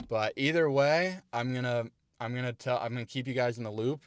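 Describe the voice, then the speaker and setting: A man's voice: medium pitch, fairly quick, smooth, no room sound. Laid-back, profane male comedian. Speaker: stand-up comedian. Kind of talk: casual vlog recap.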